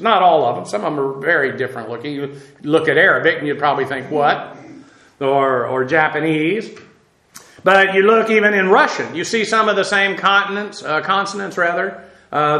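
A man's voice: a little high, pushed and bright, roomy sound. A man teaching a verse-by-verse Bible lesson in an informal way, with many fillers, spelling out Hebrew words.

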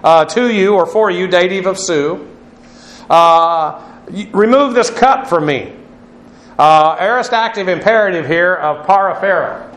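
A man's voice: high-pitched, unhurried, fairly bright tone. A man giving a Bible lesson, explaining Greek words and spelling them out letter by letter. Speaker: Bible teacher. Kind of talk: classroom Bible lecture. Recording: echoey room.

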